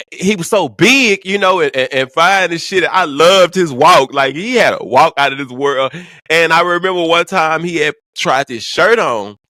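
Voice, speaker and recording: A man vlogging, telling an emotional personal story in profane slang, stammering and swinging from hushed to excited. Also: a little high, no echo.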